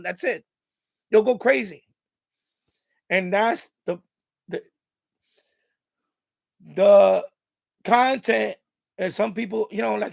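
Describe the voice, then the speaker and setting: A man's voice: extremely high pitch, creaky, no room sound. A man with a New York accent, hosting a live stream and rambling casually with lots of laughter and restarts.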